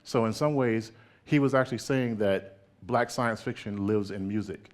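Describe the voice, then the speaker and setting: A man giving a public artist talk in an animated way, laughing often and checking in with "right?". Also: on the low side, moderate pace.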